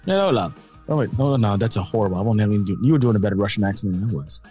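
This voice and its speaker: A man's voice: lowish voice, very fast, mellow, slightly rough, soft background music. A middle-aged man hosting a casual movie chat over a video call, upbeat and chatty, often correcting himself. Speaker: podcast host.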